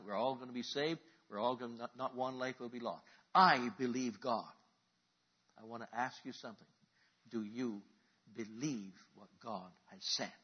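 A man preaching a sermon, moving from quiet questions to loud, impassioned calls for the congregation to respond. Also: mid-range voice, husky, muffled recording.

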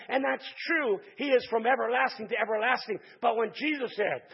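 A man preaching a sermon, calling out to the congregation and building to shouted climaxes. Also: extremely high pitch, brisk, vocal fry, few pauses, husky, highs cut off.

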